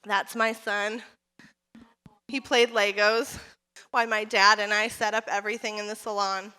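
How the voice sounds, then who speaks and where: A woman giving a motivational keynote speech at a conference, telling her story with animated energy and calling out to the audience. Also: fairly high pitch. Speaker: keynote speaker and salon owner. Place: conference hall. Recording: reverberant hall.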